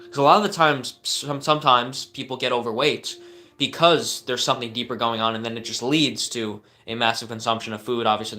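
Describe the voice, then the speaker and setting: A man's voice: medium pitch, pushed and bright. A young man hosting a live stream, answering viewer questions with earnest coaching advice and frequent fillers and restarts.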